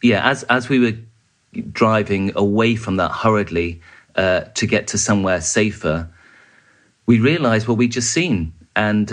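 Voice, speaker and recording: Lower-voiced man telling a war story. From United Kingdom. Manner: vivid, halting storytelling with fillers and restarts. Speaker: journalist guest. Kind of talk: recounting a war story in an interview.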